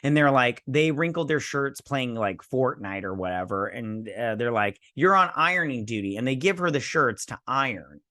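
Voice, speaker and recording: A man's voice: medium pitch, normal speed, hardly any pauses, pushed and bright, no echo, studio quality. A man hosting a TV episode review, ranting angrily with lots of swearing and mocking quotes. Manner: angry, profane ranting with mocking put-on quotes.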